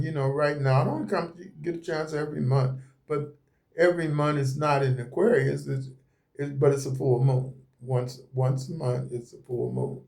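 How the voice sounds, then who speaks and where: A man's voice: fairly high pitch, dark tone. A man giving a casual, rambling tarot reading at a table, speaking in a folksy way and repeating himself often. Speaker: tarot reader. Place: indoors at a table with cards laid out.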